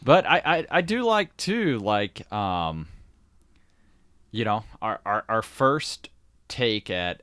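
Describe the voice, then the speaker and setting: A man co-hosting a podcast, chatting in an animated, jokey way with lots of restarts. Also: lowish voice, smooth, dry recording, studio quality. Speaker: podcast co-host. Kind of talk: casual chat.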